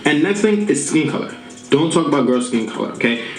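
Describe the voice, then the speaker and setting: Animated man giving dating tips. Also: a little high, fairly quick, reverberant, music in the background, low-quality recording. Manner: animated, playful, keeps adding "okay?" and "right?". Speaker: dating advice YouTuber. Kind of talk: instructional talk to camera.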